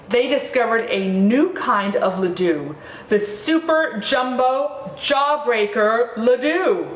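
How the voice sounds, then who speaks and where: A woman reading a children's picture book aloud in a slow, expressive storytelling manner. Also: on the high side, slight background noise. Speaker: reader. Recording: roomy, distant mic, faint ambience.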